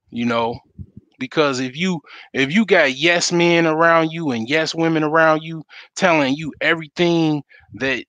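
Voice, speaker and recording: Man, host, profane rant, forceful tone, dry sound. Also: a little high, no echo. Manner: blunt, profane ranting. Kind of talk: casual monologue.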